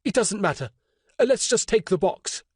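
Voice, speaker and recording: A man voicing a gruff, commanding sorcerer. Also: high voice, lively intonation, moderate pace, darkish tone, dry recording, studio quality, pitched above the performer's own voice. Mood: exasperated. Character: gruff, protective male sorcerer.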